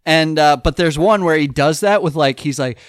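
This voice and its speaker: A man chatting casually as a podcast host, telling rambling, animated stories full of fillers. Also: a little high, moderate pace, smooth, no echo, studio quality. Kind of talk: casual chat.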